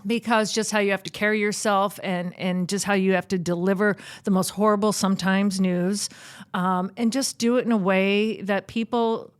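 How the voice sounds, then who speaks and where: A woman from the Boston area hosting a casual podcast chat. She tells her stories with animated energy and laughs easily between lines. Her voice sits at an ordinary middle pitch. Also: normal speed, clear, resonant tone. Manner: animated storyteller, laughs often. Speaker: podcast host.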